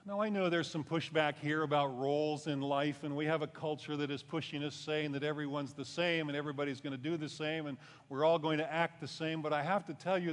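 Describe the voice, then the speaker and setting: Preaching man in a reverberant hall. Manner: conversational preaching, rising for emphasis then dropping low. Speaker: pastor. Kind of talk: sermon.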